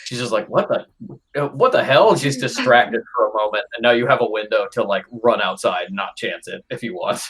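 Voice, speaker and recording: A man narrating as game master of a tabletop game, halting often with filler sounds. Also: on the low side, fairly even intonation, a bit bright, poor audio.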